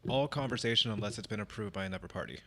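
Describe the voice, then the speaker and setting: A man's voice: on the low side, very fast, fairly bright tone, a little hiss or hum. A man hosting a casual gamer podcast, joking bluntly with plenty of swearing.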